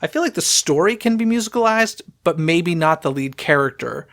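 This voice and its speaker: Animated man hosting a podcast. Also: fairly high pitch, moderate pace. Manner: animated, exasperated storytelling. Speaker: podcast host. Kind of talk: casual chat.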